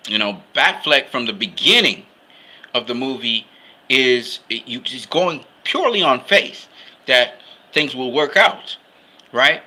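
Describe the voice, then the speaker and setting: A man's voice: mid-range voice, expressive, takes it slowly, bright, forceful tone. A man talking casually about films he loves, in an enthusiastic, rambling way. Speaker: film fan commentator. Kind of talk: casual film commentary.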